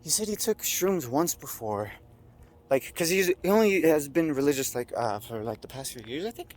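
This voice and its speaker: A young man telling a rambling story on a street at night, high, swearing and filling every pause with "like" and "uh". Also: lively intonation. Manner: rambling, heavy swearing and filler words. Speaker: vlogger. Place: outdoors on a town street at night.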